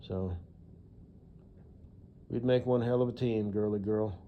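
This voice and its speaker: A man's voice: lowish voice, steady tone, slow pace, phone-quality sound. A man vlogging in a casual, rambling monologue, profane and full of "you know" fillers.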